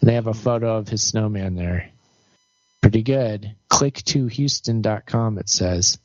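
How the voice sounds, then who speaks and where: A man's voice: fairly low pitch, a little slow, no echo, highs cut off. A man co-hosting a casual live-stream podcast, chatting loosely and rambling with lots of fillers. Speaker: podcast co-host.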